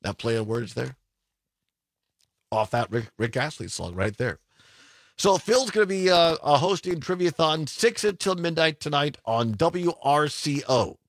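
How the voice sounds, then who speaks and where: A man hosting a radio talk show in casual, upbeat chat, laughing easily and slowing down for phone numbers. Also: fairly high pitch, no room sound.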